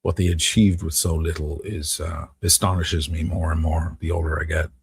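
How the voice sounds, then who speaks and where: A man's voice: extremely low pitch, flat delivery, moderate pace, gravelly, slightly rough. A middle-aged man from Dublin with a Dublin Irish accent, telling rambling, profane stories and answering viewers on a live stream. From Ireland. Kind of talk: casual live-stream storytelling.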